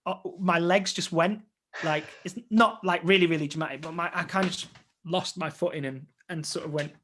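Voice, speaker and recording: As an interview guest, this young adult actor recounts his story with casual energy, acting out past conversations. He speaks briskly, with a voice on the high side.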